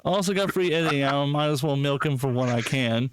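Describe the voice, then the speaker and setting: A man's voice: mid-range voice, a little fast, slight background noise. A man hosting a podcast, ranting with heavy profanity, mocking and indignant, reading posts aloud and laughing. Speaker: podcast host. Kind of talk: casual podcast rant.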